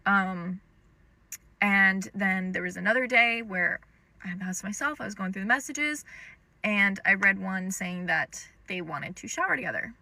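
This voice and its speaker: Speaking directly to the camera, a young woman with a bright, clear voice shares a personal story in a casual storytime monologue. Her delivery is loose and chatty, peppered with "um" and "like," at a medium pitch and moderate pace. The audio is close and dry, with no room echo.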